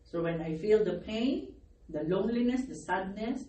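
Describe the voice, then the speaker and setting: A woman's voice: mid-range voice, animated, moderate pace, dark tone. Woman pastor preaching, distant and echoey. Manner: calls for amens, laughs between phrases. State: losing her voice from crying. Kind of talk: sermon. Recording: echoey room, distant mic, faint noise.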